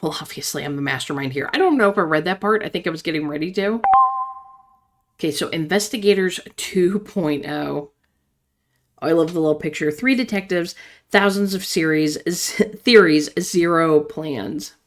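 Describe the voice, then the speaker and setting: A woman's voice: sits low, normal speed. A woman hosting a gaming channel, reading a text game's chats aloud with chatty asides and frequent laughter.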